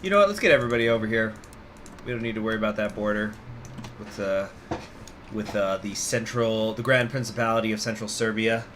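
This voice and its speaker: A man's voice: on the low side, a little fast, fairly bright tone, slight background noise. A man hosting a gaming channel, talking casually and rambling off into stories while he plays a strategy game. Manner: rambling, digressive, laughs often.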